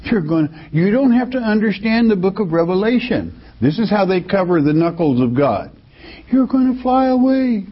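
A man's voice: on the high side, husky. A man preaching a sermon, reading Bible verses aloud and commenting emphatically. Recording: dull lo-fi recording.

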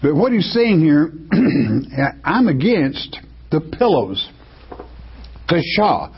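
A man's voice: on the high side, slightly rough. A man preaching a sermon, reading Bible verses aloud and commenting emphatically. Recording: dull lo-fi recording.

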